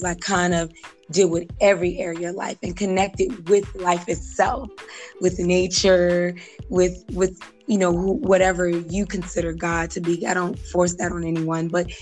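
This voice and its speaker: A woman being interviewed as a guest author, speaking in a reflective, casual way, with fillers and small laughs. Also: lowish voice. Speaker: guest author and life coach.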